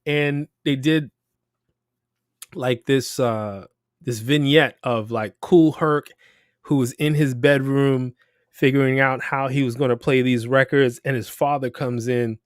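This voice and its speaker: A man hosting a casual talk show, speaking in an animated, emphatic way and swearing freely. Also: mid-range voice, unhurried, dry recording, clean studio sound. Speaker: podcast host. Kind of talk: casual chat.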